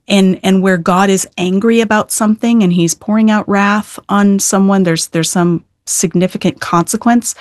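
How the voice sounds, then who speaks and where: A woman's voice: medium pitch, dry recording, clean studio sound. A middle-aged woman Old Testament scholar being interviewed, explaining scripture earnestly with emphatic stress and frequent restarts.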